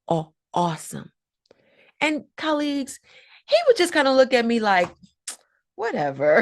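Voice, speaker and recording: A woman, an educator telling colleagues a story about a student in an animated storytelling way and acting out the voices. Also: lowish voice, creaky. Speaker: educator and trainer. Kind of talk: storytelling talk to fellow educators.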